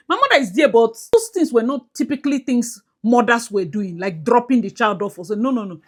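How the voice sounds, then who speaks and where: A woman with a Nigerian accent chats to her audience in a casual commentary vlog. Her voice sits fairly high and leaps around with lively emphasis. She drops into pidgin-flavored phrases as she makes her point. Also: fast talker, few pauses. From Nigeria, Port Harcourt. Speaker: YouTube commentator.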